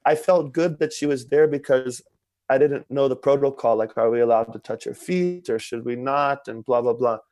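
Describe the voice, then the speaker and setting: A man's voice: medium pitch, normal speed, a little mellow, no echo. A man who is a podcast guest tells a personal story in a casual, conversational way, candid and self-mocking, and acts out what other people said.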